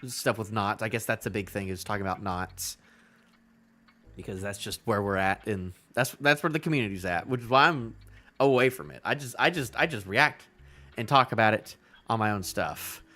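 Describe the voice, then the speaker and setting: Lively young man rambling on a live stream. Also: on the low side, moderate pace. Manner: animated, rambling asides with restarts. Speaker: host reacting to a new comic chapter. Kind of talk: casual live reaction.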